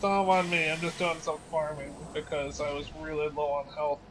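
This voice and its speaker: A male co-streamer chats offhandedly while playing. His voice is somewhat high for a man. A clear hiss runs under the recording. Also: little pitch movement, normal speed, fairly bright tone, low-quality recording. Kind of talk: casual chat while gaming.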